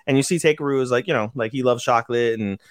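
A man's voice: mid-range voice, fast talker, clear, resonant tone, no echo, studio quality. A man co-hosting a podcast, casually recapping an episode and acting out the characters' lines with sudden jumps in voice. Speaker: podcast co-host. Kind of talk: casual anime recap chat.

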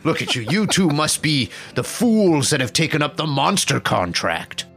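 A man's voice: on the high side, very animated, moderate pace, vocal fry, a bit bright, faint music behind, voice pushed up, full character voice. Man putting on a sneering crooked old man. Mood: scornful. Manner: sneering, insulting. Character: rude crooked old man, scornful and nosy.

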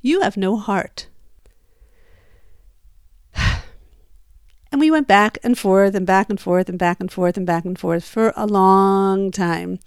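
A woman's voice: medium pitch, a little slow, smooth, no echo, studio quality. A woman telling a personal story in a conversational way, growing emphatic as she relives an argument.

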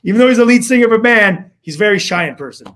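A man's voice: high voice, animated, rapid-fire, a bit bright. A man, a guest on an interview show, telling a story in a casual, slangy way and acting out what people said. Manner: casual slangy, acts out quotes. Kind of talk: animated storytelling testimony.

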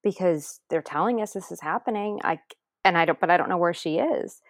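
A woman with a fairly low voice tells a personal story in an interview, earnest and emotional. She slips into quoting other people as she goes. The sound is dry and close, with no room around it. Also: fairly quick, no echo. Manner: earnest, re-enacts others' words. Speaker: interview guest.

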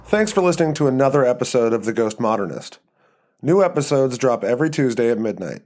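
A man reading a story aloud as narrator and host of his podcast, in an even, measured way. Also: mid-range voice. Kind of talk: scripted narration.

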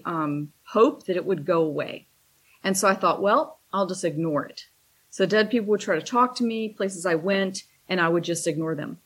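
A woman's voice: lowish voice, slightly rough. A woman who teaches Reiki, casually telling a long story with a wry, chatty manner and acting out the lines of the people in it.

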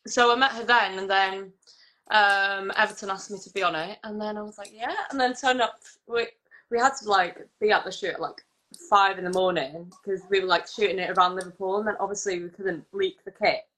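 A woman's voice: mid-range voice, steady tone, fairly quick, bright, forceful tone. A nineteen-year-old woman, a singer-songwriter guest, chatting casually and filling her talk with "like". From England. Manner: chatty, fills with "like", laughs often. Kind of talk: casual chat.

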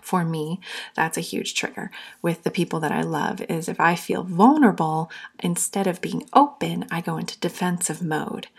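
A young woman talks earnestly on her podcast, her low voice full of gravelly fry. She speaks openly and warmly to the listener and is at times close to tears. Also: steady tone, normal speed. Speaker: podcast host. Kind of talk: heartfelt solo podcast talk.

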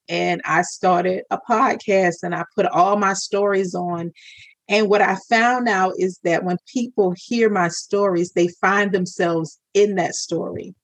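A woman shares her personal story of faith as a podcast guest, speaking earnestly and voicing her own past prayers. Her voice sits at a middle pitch. The sound is dry and close, with no room echo. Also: unhurried. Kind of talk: personal testimony in an interview.

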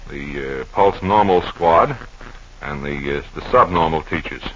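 A man hosting a 1940s radio comedy, tossing off deadpan absurd asides in a halting ad-lib style. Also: extremely low pitch, slightly rough. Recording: dull old radio broadcast recording.

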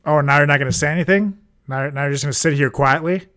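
A man's voice: on the high side, fast talker, fairly bright tone. A man hosting a podcast, scolding his guest in an exasperated, outraged comedy bit. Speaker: podcast host.

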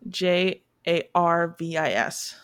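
A woman's voice: on the low side, takes it slowly, a bit bright, smooth, no echo. A young woman chatting casually as a podcast co-host, trailing off with fillers. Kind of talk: casual chat.

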